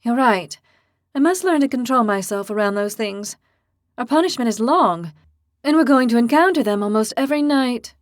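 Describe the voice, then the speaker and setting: A woman's voice: on the high side, lively intonation, normal speed, no room sound, studio quality, voice pushed up, natural voice. A woman voicing a hot-tempered young horned woman who speaks bluntly and sarcastically. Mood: exasperated.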